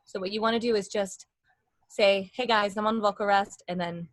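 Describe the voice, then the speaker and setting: A woman's voice: medium pitch, fairly even intonation, quick pace, no echo. A young adult woman vocal coach giving a casual, rambling lesson with demonstrations.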